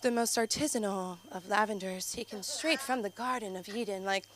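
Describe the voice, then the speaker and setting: A young adult woman doing an open-mic stand-up set on a comedy club stage. She tells stories in a rambling, animated way, full of "like", and jumps her voice up for punchlines. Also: medium pitch, moderate pace. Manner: rambling, filler-heavy storytelling with frequent "like".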